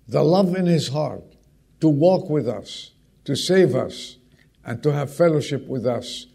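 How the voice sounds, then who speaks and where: Slow, gravelly male preacher. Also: mid-range voice, darkish tone. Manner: emphatic, repeats key words for stress; asks the congregation direct questions. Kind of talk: sermon.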